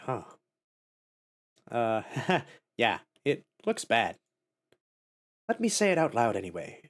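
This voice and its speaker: A man's voice: mid-range voice, breathy edge. A man voicing a young male witch fused with a monster, reading the game dialogue aloud in a wry, self-mocking, matter-of-fact way.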